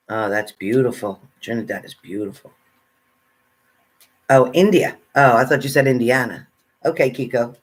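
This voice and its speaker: A relaxed man talks his way through a live stream. He greets viewers and reads their comments aloud in a casual, chatty way. His voice sits at an ordinary middle pitch. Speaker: tarot reader greeting live chat.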